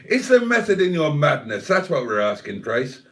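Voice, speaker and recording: A man hosts a casual livestream, answering his chat with wry, mock-theatrical teasing. His fairly high voice swings widely in pitch. He sits a little back from the microphone, so the sound is slightly distant. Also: very animated, normal speed. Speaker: livestream host reading chat.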